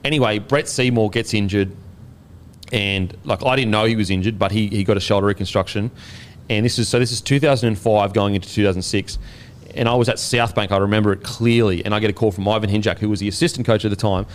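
A man's voice: on the low side, quick pace, a little hiss or hum. A man with an Australian accent, a former rugby league player, telling a story in casual podcast chat, swearing freely and laid-back. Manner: profane, laid-back and animated, laughing as he tells it.

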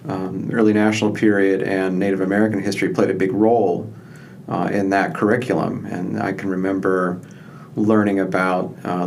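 A man's voice: low voice, gravelly, slight background noise. A man from southwestern Ohio, a historian and interview guest, speaking thoughtfully with many fillers and restarts. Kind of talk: conversational interview.

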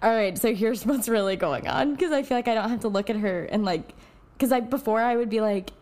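A woman co-hosting a podcast with a slightly high voice. She jokes playfully as she chats. The tone is loose and informal. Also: a little fast, a little mellow. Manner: playful, joking. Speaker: podcast co-host. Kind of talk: casual podcast chat.

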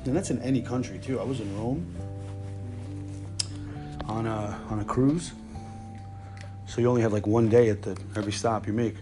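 A man's voice: lowish voice, normal speed, long pauses, music in the background. A man hosting a podcast, telling stories in a casual, blunt and profane monologue. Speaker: podcast host.

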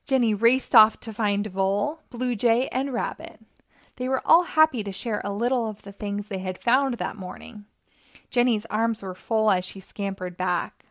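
A woman hosting storytime, reading a children's picture book aloud in a gentle, clear way. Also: medium pitch, moderate pace, no echo, clean studio sound. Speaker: storytime host.

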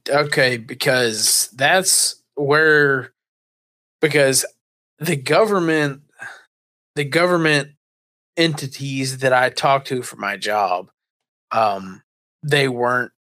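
A man's voice: mid-range voice, sharp tone. Rambling, foul-mouthed man on a podcast. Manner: rambling, swears freely, tells anecdotes with quoted voices. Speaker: podcast co-host. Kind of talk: casual crude comedy chat.

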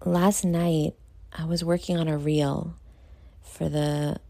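A young woman, talking late at night about herself in a candid vlog, loud and excitable, with many fillers, sounding tired. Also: deep voice, takes it slowly, creaky, no room sound. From New York. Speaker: podcast host. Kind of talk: candid self-talk vlog.

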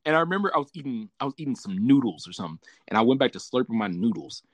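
Lively, profane man telling stories. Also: mid-range voice, racing, no room sound. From Southern California. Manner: profane, laughing, animated storyteller. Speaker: podcast host. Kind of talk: casual storytelling chat.

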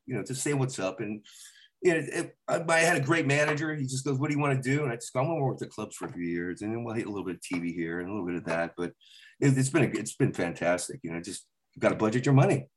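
A man's voice: mid-range voice, quick pace, a little hiss or hum. A middle-aged man, a comedian, telling stories in casual chat and acting out the lines of the people in them. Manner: animated storyteller acting out his dad's lines. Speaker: comedian guest.

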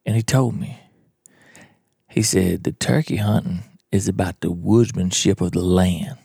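A man's voice: sits low, unhurried, gravelly, dark tone, slightly rough, no room sound, clean studio sound. A man, telling a hunting story in a folksy, blunt, drawling way as a podcast host. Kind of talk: storytelling monologue.

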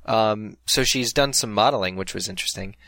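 A man's voice: fairly low pitch, a little fast, gravelly, sharp tone, no room sound. A man co-hosting a casual chat about films, rambling with many restarts and fillers.

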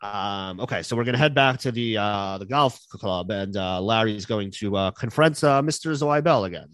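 A man's voice: fairly low pitch, moderate pace, a bit bright, no echo. A male podcast host recapping a TV episode in casual chat, hesitant and full of fillers. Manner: hesitant, lots of fillers and restarts.

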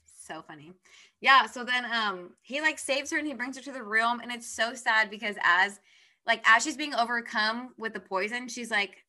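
A young woman co-hosting a casual book chat, retelling the plot in a relaxed way with many fillers. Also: on the high side, moderate pace.

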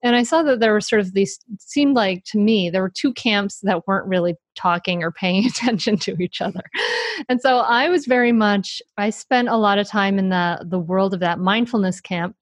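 A woman guest author answering interview questions in a lively, self-deprecating way, laughing often. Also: medium pitch, moderate pace, dry recording.

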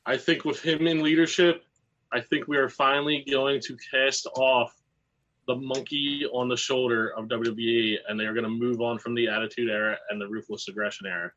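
Blunt panelist on a dull line. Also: male voice, medium pitch, steady tone, normal speed, fairly bright tone. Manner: blunt, opinionated, swears casually. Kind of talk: casual panel chat. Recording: dull lo-fi call audio.

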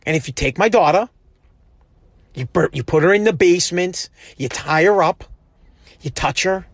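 A high-sitting male voice at normal speed, recorded dry, belongs to an American man in his thirties. He delivers a heated, profane, emphatic monologue, restarting often.

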